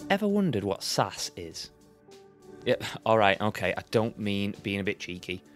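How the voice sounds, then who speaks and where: A man's voice: fairly low pitch, sing-song, moderate pace, over music. A man hosting a podcast, upbeat and jokey, moving from a scripted intro into casual interview chat. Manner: upbeat and jokey, laughs easily. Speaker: podcast host.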